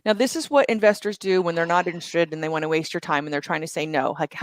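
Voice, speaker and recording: A woman guest on an interview show, retelling a story with vivid asides and quick restarts. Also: fairly low pitch, dry recording. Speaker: guest entrepreneur. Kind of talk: animated storytelling in conversation.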